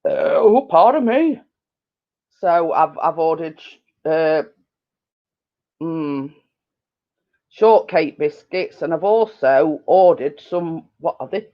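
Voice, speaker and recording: A woman's voice: low-pitched, animated, takes it slowly, long pauses. A middle-aged woman hosts a casual live-stream chat from home, rambling along with lots of fillers and giggles. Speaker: channel host on a live stream. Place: living room at home. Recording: dull lo-fi home recording.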